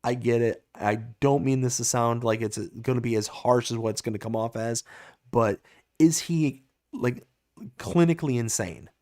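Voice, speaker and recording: A man hosting a casual live gaming stream, telling stories with animated reactions and answering viewer chat. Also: mid-range voice, normal speed.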